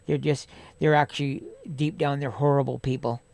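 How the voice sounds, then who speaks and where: A man's voice: mid-range voice, little pitch movement, normal speed, vocal fry, a little mellow. A man talking casually and bluntly as a podcast guest, swearing a lot and filling his talk with "right?". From Canada. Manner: blunt, heavy swearing, many fillers. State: undergoing chemotherapy. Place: podcast studio.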